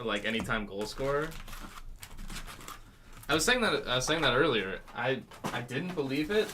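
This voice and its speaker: A man's voice: medium pitch, noisy background. A man hosting a live card break, listing player names and chatting with viewers about sports betting. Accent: North Carolina.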